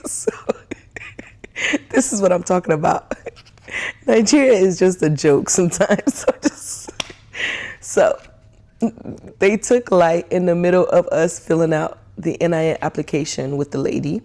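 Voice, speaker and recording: Woman, casual rant, gravelly, dark tone, acts out dialogue, laughs a lot. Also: fairly low pitch, measured pace, pauses often. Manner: animated, laughs often, acts out quoted dialogue. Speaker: vlogger.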